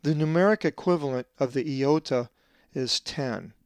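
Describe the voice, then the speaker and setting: A man's voice: a little high, a little mellow, clear, resonant tone, no room sound. Methodical man teaching Greek letters. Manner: methodical, drawn-out slow stress on Greek words. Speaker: Bible translator teaching Greek pronunciation. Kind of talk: scripted teaching lesson.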